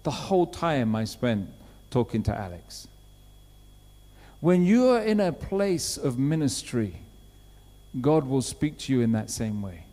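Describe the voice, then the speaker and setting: A man preaching a sermon, telling a story with lively acted-out quotes. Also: mid-range voice, measured pace. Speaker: pastor. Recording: long hall reverb.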